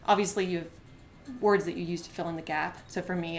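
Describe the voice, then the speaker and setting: A woman chatting quickly with lots of filler words while she works on a craft during a live stream, now and then counting softly under her breath as she stands at her desk at home. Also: lowish voice, fairly even intonation, soft background music. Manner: fast-talking with many filler words.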